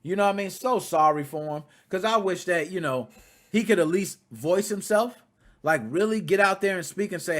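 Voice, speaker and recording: A man in his thirties hosting casual commentary, talking straight to his viewers in a blunt, profane, animated way. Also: high voice, moderate pace. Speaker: commentary channel host.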